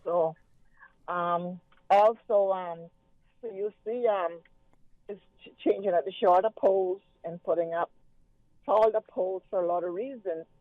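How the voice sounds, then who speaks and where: A man calling in to a radio show, talking in a relaxed, rambling way with many fillers. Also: high-pitched, measured pace, no echo. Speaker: caller. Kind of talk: casual phone-in chat. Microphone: telephone. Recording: tinny phone line.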